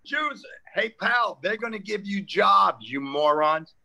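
An older man from New York chats as a guest, his voice bright and lifted a little above the usual male range. He slips in and out of quoted voices as he spins his tales. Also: high-pitched, a little slow, vocal fry, low-quality recording. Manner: animated storyteller acting out quoted exchanges. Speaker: comedian guest. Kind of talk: casual storytelling chat.

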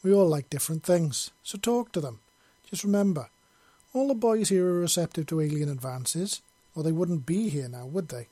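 A man's voice: fairly high pitch, expressive, normal speed, dark tone, no room sound, voice pushed up. A man putting on a teasing woman. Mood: encouraging. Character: warm flirty grown woman, patient adviser.

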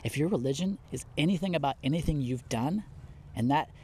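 A middle-aged man preaching a heartfelt sermon, pleading and impassioned, swinging from soft to loud and close to tears. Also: a little high, lively intonation, a little fast, husky. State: near tears.

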